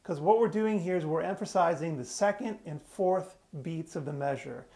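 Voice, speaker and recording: A man's voice: fairly high pitch, moderate pace. A man teaching a beginner fiddle tune step by step, explaining patiently and plainly. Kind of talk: step-by-step music lesson. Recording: fiddle music playing loudly. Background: his own fiddle playing.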